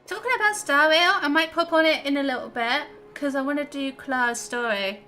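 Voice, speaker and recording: A woman's voice: high-pitched, brisk, background noise. A young woman streaming a game, chatty and giggly as she reacts to her chat. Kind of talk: casual gameplay chat.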